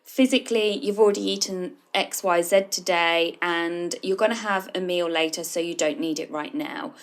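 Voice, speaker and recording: A woman voicing a calm, logical inner adult voice, matter-of-fact and a little lower. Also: normal speed, natural voice.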